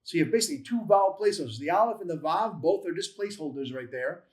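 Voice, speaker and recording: A man with a fairly high-pitched voice leads a patient, step-by-step lesson. He sounds out each letter slowly and repeats syllables several times. He corrects his own slips with light, self-deprecating humor. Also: animated, a little mellow. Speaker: Bible Hebrew teacher. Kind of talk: classroom-style language lesson.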